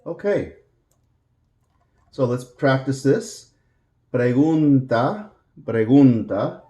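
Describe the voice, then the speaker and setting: A man teaching a Spanish grammar lesson in English, patiently repeating words slowly for practice. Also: mid-range voice, expressive, warm tone. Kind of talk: classroom-style language lesson.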